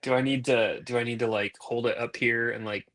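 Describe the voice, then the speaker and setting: A man's voice: medium pitch, fairly even intonation, brisk, a bit bright. A man co-hosting a live stream, chatting in an easygoing way and laughing often. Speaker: co-host. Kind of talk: casual stream chat.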